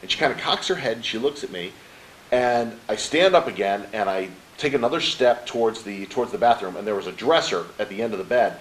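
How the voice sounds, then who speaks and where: A middle-aged man with a lower voice talks fairly quickly, telling the interviewer a personal story; he's a motivational speaker appearing as a guest. Lively and theatrical, he acts out what people said and keeps asking the host "right?" The recording is rough, carrying a faint hiss or hum.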